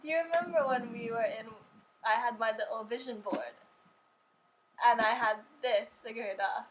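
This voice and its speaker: Excitable high-voiced woman vlogging. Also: moderate pace, a little hiss or hum, rough recording. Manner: excitable, gushing, swears casually. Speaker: YouTuber. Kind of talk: casual vlog unboxing. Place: at home indoors.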